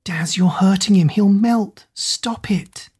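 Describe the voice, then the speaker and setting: A woman's voice: mid-range voice, expressive, unhurried, a little mellow, slightly rough, pitched above the performer's own voice. A woman voicing a frightened teenage girl heroine in a read-aloud storybook, pleading and often half whispered.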